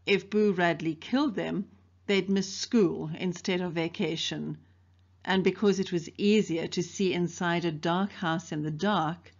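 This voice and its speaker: A South African woman who teaches English reads a novel aloud to her students, switching to brighter, livelier voices for the characters' dialogue. Her voice is lowish and the recording sounds muffled.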